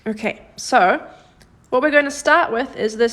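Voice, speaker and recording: A Korean language teacher with a fairly bright, higher-pitched voice gives a live-streamed grammar lesson. She's patient and encouraging, praising viewers by name and slowing down to model example sentences.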